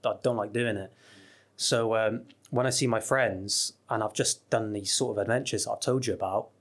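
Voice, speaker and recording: A British man, a guest on a podcast, telling stories in a casual, animated way with many fillers and restarts. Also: fairly low pitch, normal speed. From United Kingdom. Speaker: guest, travel YouTuber.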